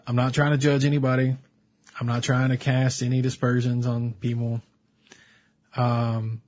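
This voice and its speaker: A man co-hosting a podcast, telling a story in an animated, conversational way. His pitch is medium. The audio is a little dull and lo-fi. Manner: animated storyteller, breaks into laughter. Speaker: podcast co-host. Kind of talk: casual chat.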